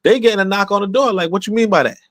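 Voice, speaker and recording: A man's voice: high voice, racing, a bit bright, no room sound. A man hosting a livestream podcast, talking in a casual, emphatic way, repeating himself and asking rhetorical questions. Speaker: podcast host.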